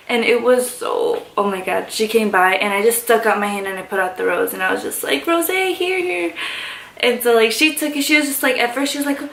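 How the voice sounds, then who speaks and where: A woman vlogger telling a story in excited, gushing chatter full of fillers. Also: fairly high pitch. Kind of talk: casual story time. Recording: echoey room.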